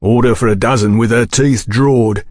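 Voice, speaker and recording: A man voicing a fat, gruff pub proprietor who runs a rat pit, blunt and rough-spoken. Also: medium pitch, steady tone, normal speed, a little mellow, lightly acted.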